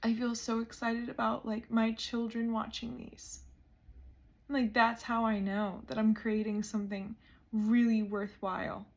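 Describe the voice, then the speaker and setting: A woman's voice: on the high side, level tone, measured pace. A woman in her thirties recording a meditation video diary, earnest and emotional, her voice often falling to a near whisper. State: emotional, close to tears. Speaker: vlogger.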